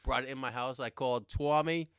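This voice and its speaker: A man's voice: mid-range voice, fairly even intonation, a little fast, a bit bright, smooth, dry recording, clean studio sound. A man telling rambling everyday stories in casual chat, laughing often and swearing now and then. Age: adult with a young son. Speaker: podcast co-host.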